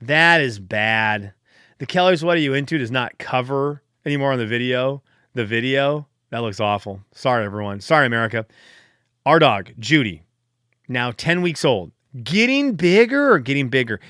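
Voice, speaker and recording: A man's voice: mid-range voice, animated, moderate pace, fairly bright tone, smooth, no room sound, studio quality. A man hosting a solo podcast, chatting casually in a rambling, self-deprecating way, fired up late at night. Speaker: podcast host.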